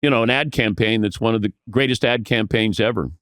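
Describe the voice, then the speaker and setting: A man telling animated anecdotes as a podcast guest, acting out the voices of the people in his stories. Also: on the low side, a little fast, clean tone, no room sound, studio quality. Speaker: podcast guest, veteran sportscaster. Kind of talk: casual storytelling.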